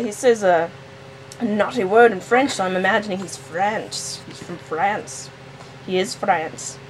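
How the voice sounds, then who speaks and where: A woman's voice: mid-range voice, a little mellow. A young woman casually making up the story of a comic, giggling and rambling. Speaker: commentator improvising a comic's story. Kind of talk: casual playful commentary. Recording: noisy home recording.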